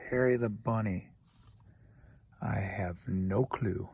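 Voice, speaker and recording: Easygoing male vlogger from St. Louis, raspy low-key delivery, casual chat. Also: a little mellow, no echo. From St. Louis, Missouri. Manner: easygoing and chatty, with quick asides. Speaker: eBay reseller. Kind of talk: casual vlog narration.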